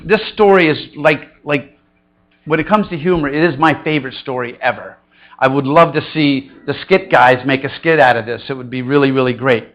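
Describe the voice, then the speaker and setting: A middle-aged man preaches as a pastor, mixing humorous storytelling with acted-out quotes that swing widely in pitch. His voice sounds fairly bright despite the dull audio.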